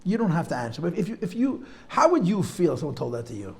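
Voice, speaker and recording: A man's voice: fairly high pitch, sing-song, quick pace, vocal fry. A middle-aged man telling stories to a class at a Chassidic gathering, wandering off on tangents, repeating himself and mixing Yiddish and Hebrew terms into his talk. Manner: digressive, repeats phrases, peppers speech with Yiddish and Hebrew terms. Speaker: teacher giving a talk. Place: seminary classroom, live audience.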